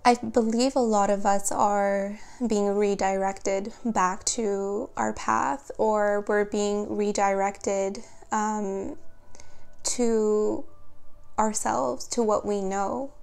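A woman who reads tarot, reading passages aloud from a guidebook and reflecting on them in a gentle, earnest way. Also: mid-range voice, fairly even intonation, slow pace, gravelly, smooth. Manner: gentle, earnest, easily moved. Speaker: tarot reader.

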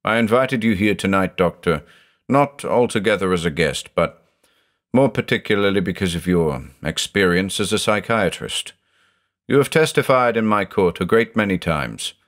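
A man's voice: low voice, expressive, normal speed, a bit bright. A man voicing a tormented older male judge who is brooding and anguished and says he is haunted by thoughts of murder.

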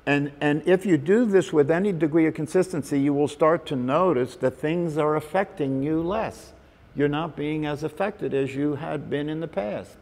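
A man's voice: on the high side, normal speed, vocal fry, a little mellow. Man teaching meditation in a reverberant hall. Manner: conversational, repeats "right?" and "you know". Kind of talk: spiritual talk to a group.

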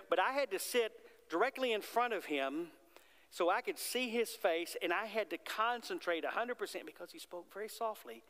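A man's voice: high-pitched, a bit bright. A man preaching a sermon as pastor, in a conversational way, often asking the congregation questions. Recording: long hall reverb.

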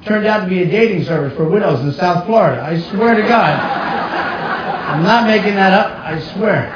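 Middle-aged man, brash stand-up storytelling, high voice, echoey distant live room. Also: normal speed, highs cut off, very noisy. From New Jersey. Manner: brash storytelling with punchy asides. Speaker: stand-up comedian. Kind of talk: stand-up comedy set. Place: comedy stage before a live audience.

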